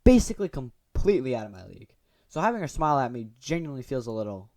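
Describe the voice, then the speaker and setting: With big pitch swings and a fast delivery, a young man's medium-pitched, slightly mellow voice carries a gaming video. As the channel's host, he reads a visual novel's text aloud and adds goofy, chatty commentary.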